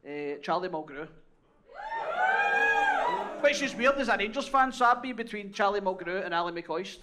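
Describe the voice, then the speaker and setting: A man's voice: high voice, lively intonation, normal speed. A man with a Glaswegian accent co-hosting a live podcast, cracking sweary, laughing jokes. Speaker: podcast host. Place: live show venue with audience. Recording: loud background noise.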